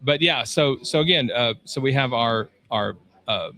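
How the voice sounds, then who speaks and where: A man co-hosting a podcast, speaking casually and haltingly. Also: mid-range voice, pushed and bright. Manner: halting, many fillers and restarts, laughs easily. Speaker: podcast co-host. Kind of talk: casual chat.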